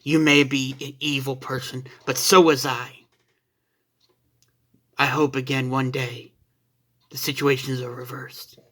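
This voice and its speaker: A calm, resolute warrior and father, played by a man reading a fan story. He speaks quietly and earnestly with a bright tone. His delivery is unhurried and steady. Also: mid-range voice. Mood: hushed. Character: young male alien fighter, calm and resolute father.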